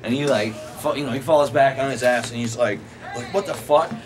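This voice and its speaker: A man's voice: medium pitch, steady tone, a little fast, over music. A young man casually telling a rambling, profane anecdote to friends, often laughing as he talks. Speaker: storyteller. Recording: noisy amateur recording.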